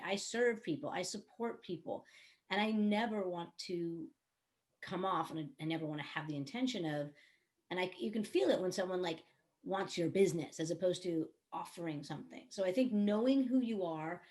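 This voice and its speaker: A woman's voice: on the low side, darkish tone. A woman who works as a songwriter, producer and coach, explaining her ideas earnestly on an online panel with everyday examples. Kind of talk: panel discussion.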